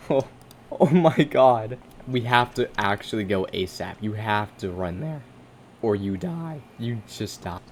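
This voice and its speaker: A man's voice: fairly low pitch, expressive, measured pace. A teenage boy giving casual, jokey gameplay commentary, swearing and yelping in panic when something chases him. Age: teens. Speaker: gaming content creator. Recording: game music playing underneath. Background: background music.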